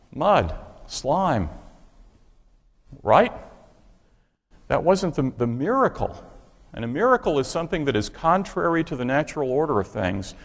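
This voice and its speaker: A man preaches with an emphatic delivery, pressing his listeners with question after question. His mid-range voice carries a gravelly edge. The sound rings out in a long, echoing reverb. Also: mid-range voice. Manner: emphatic, asks the congregation rhetorical questions. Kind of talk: sermon.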